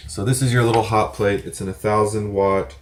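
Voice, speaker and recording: Rambling low-voiced man in echoey room. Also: steady tone, fairly quick, slight background noise. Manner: rambling, self-correcting, casual swearing. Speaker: prepper channel host. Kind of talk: casual explanatory video reply. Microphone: desk mic with some feedback.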